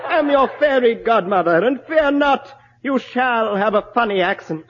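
A man plays a proud fairy godmother full of scorn in an old radio comedy sketch. The voice sits very high and swoops with lively pitch. The recording is dull, with a long hall reverb and a steady hiss behind it. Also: normal speed, some chatter behind. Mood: grandly mocking. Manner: grand, scornful. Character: male fairy godmother, haughty, in a gown.

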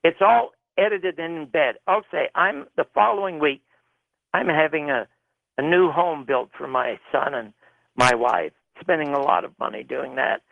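Gravelly man telling a story over a phone line. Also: a little high, moderate pace, no room sound. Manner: animated storyteller, shouting out quoted arguments. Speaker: television producer telling his story. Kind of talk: recounting a story in an interview. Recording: tinny phone-line radio sound.

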